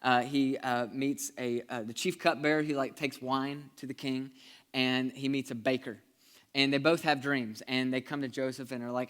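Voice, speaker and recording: Guy pastor preaching, chatty and earnest, mid pitch, gets loud then goes real quiet. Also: moderate pace. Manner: conversational, earnest, varies between energetic and hushed. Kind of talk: sermon.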